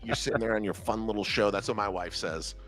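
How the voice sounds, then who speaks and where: A young man hosting a live trading stream, telling animated stories and acting out quotes in casual chat. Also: lowish voice, fast, loud music behind the voice. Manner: animated storytelling, acts out quotes. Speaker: trader and show host.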